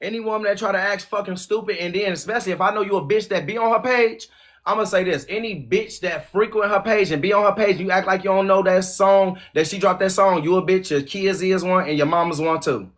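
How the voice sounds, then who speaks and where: A fast-talking man, hosting a podcast. His voice sits high and he swears constantly, scornful and combative. He pushes his opinions hard. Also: fairly even intonation, a bit bright. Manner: profane, aggressive, scornful. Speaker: podcast host. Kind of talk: heated opinion rant.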